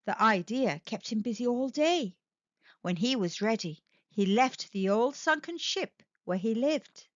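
Casting note: warm-hearted kids' story reader, a woman with a high, lively, unhurried voice, gentle and expressive. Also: no echo. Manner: gentle, sing-song and expressive. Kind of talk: slow expressive read-aloud for young kids. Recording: dull lo-fi dry recording.

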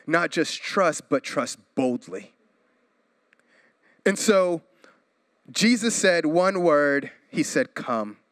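A pastor in his thirties from Florida, preaching a sermon with energetic swings in pitch and volume and playful asides. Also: slow, long pauses, no room sound.

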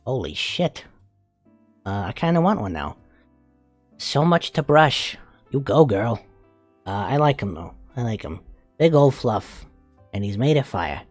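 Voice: medium pitch, big pitch swings, a little slow, long pauses, dry recording, soft background music. A voice actor playing a crude, flamboyant male spider demon in a comedic fan reaction, swearing, giggling and cooing. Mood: amused.

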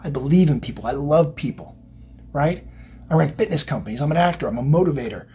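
A man's voice: a little high, animated, fast talker, dark tone, soft background music. A man giving a psychic tarot reading, emotional and motivational, rambling and repeating himself. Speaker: tarot reader.

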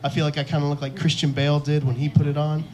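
A man's voice: fairly high pitch, little pitch movement, racing, darkish tone, slight background noise. A young man doing a stand-up comedy set on a club stage, telling self-mocking stories and acting out the lines of the people in them. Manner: self-deprecating storytelling, acts out quotes.

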